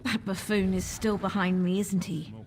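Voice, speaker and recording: A woman's voice: steady tone, moderate pace, slight background noise, lightly acted. A woman voicing a wary tavern patron in a fantasy video game who mutters to herself while drinking alone. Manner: low-key, wary muttering.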